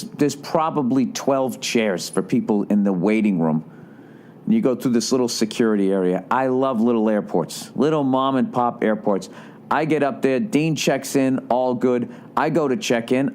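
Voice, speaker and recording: A man's voice: mid-range voice, darkish tone, clean tone. A man hosting a podcast, telling a story in an exasperated, sarcastic rant full of swearing. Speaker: podcast host. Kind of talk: profane ranting storytelling.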